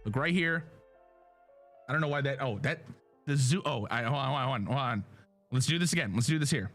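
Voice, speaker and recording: A man's voice: medium pitch, fast, faint music behind. A man streaming a game live, chatting casually and jokingly straight to his viewers. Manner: animated, joking, talks straight to chat.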